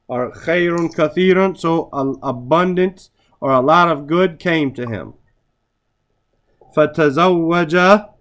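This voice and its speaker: A man with a slightly high, smooth voice teaches a classroom lesson on Arabic grammar. He recites Arabic phrases, translates them, and keeps checking in with his students by asking "right?"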